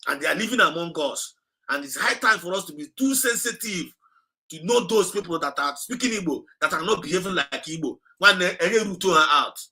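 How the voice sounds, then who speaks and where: Man, Nigerian accent, livestream host, impassioned, repetitive, bright forceful voice. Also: high-pitched, lively intonation, brisk, poor audio. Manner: urgent, repetitive, exhorting listeners; mixes Igbo and English mid-sentence.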